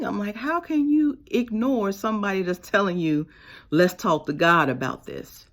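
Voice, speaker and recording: A woman with a tells her story straight to the camera in a personal vlog. Her voice sits on the low side. She drops to a hush, then rises to emphatic bursts. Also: normal speed. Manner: expressive, swings from hushed to emphatic. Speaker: vlogger.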